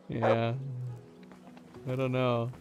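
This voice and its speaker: A man's voice: medium pitch, muffled recording. A man streaming a game, musing aloud in rambling casual commentary with chuckles.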